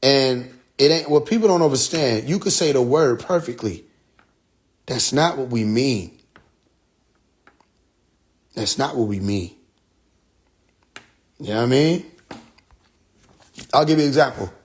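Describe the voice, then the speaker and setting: A man's voice: mid-range voice, expressive, a little slow, pauses often. A man hosting a casual livestream, telling stories in a loose, profane way, laughing often and mimicking other people's voices. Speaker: livestream host. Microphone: phone.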